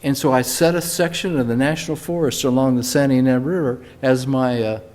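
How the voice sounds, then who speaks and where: An older male pastor gives a Sunday sermon in a church, telling a personal story in a plain, conversational way. His pitch sits mid-range, and he leans on key words with emphatic rises. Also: steady tone, fairly quick, a little mellow. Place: church sanctuary.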